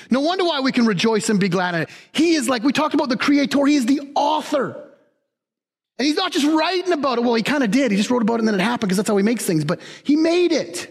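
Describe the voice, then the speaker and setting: A man preaching a sermon as pastor in a church, animated and emphatic, repeating key words. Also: high voice, in a large hall.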